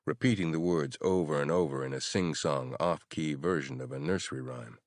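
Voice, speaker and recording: Deep-voiced male audiobook narrator. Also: normal speed, no echo, studio quality. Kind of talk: scripted horror narration.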